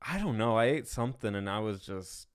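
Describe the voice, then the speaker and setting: A man's voice: lowish voice, lively intonation, fairly quick, clear, resonant tone. A man co-hosting a live video game podcast, chatting casually and joking about his week. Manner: easygoing, joking. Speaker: podcast co-host. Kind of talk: casual chat.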